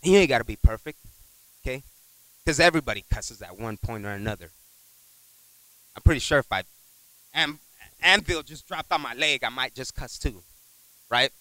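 A man preaching a sermon in a conversational, animated way, telling a personal story, repeating words and asking the congregation for an amen. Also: mid-range voice, moderate pace, long pauses, no echo, rough recording. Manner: animated, acts out voices in his stories.

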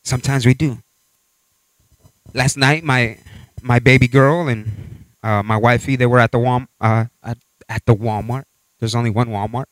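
A man preaching a sermon with animated storytelling, acting out voices and scenes as he talks. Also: mid-range voice, normal speed, no room sound.

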